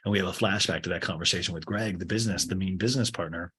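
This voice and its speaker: Husky-voiced wry comic podcast host. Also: male voice, low-pitched, rapid-fire, a bit bright. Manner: rambling, crude, wry asides. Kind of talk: comedic TV recap.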